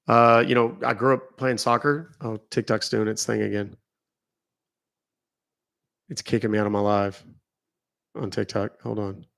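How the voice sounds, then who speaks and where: Middle-aged male host, low fry-edged voice, dry close sound, chatty livestream rambler. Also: level tone, measured pace, pauses often, fairly bright tone, no room sound. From Texas. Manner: rambling, chatty, answering viewer comments. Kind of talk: casual livestream chat.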